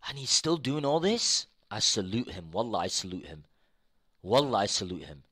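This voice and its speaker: Bright-voiced ranting young male streamer. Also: lowish voice, sing-song, moderate pace. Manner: swears freely, swings between mutter and outbursts; repeats himself insistently. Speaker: live streamer. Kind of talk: casual rant to chat.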